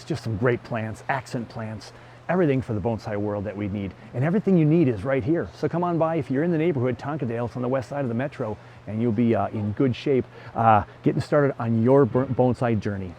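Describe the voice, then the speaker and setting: Strolling through a nursery's indoor greenhouse with his camera, a middle-aged bonsai vlogger keeps up casual, enthusiastic, exclamation-filled chatter. His medium-pitched voice is mellow, with a little hiss or hum in the background.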